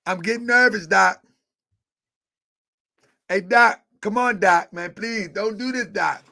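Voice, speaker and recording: A man hosting a live online show, chatting casually, with a repetitive, excitable, joking manner. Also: sits high, slow pace, creaky. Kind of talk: casual livestream chat.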